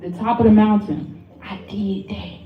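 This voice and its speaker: A woman's voice: medium pitch, steady tone, a little slow. A woman leading a motivational workshop, playful and profane, acting out quotes as she talks. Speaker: workshop leader and tarot reader. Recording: muffled, echoey, far from the mic.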